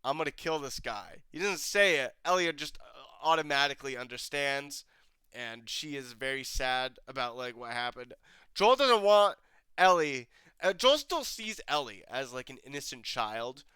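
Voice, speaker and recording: A man's voice: medium pitch, big pitch swings, moderate pace, sharp tone, clean tone, dry recording. A man casually reviewing a TV episode, rambling with fillers and restarts, a bit stuffy-nosed from a cold. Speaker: TV review host. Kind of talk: casual commentary.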